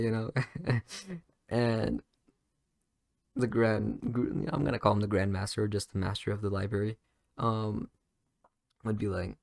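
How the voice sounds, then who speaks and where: A man's voice: lowish voice, little pitch movement, moderate pace, gravelly, long pauses, no room sound, clean studio sound. A young man casually retelling a story in his own words, rambling with many fillers and restarts.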